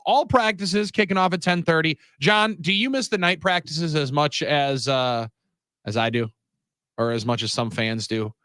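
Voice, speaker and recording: Fast-rambling male sports radio host. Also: on the high side, dry recording, studio quality. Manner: energetic, rambling, quick bursts of speech. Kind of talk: casual sports radio talk. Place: radio studio. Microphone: studio microphone.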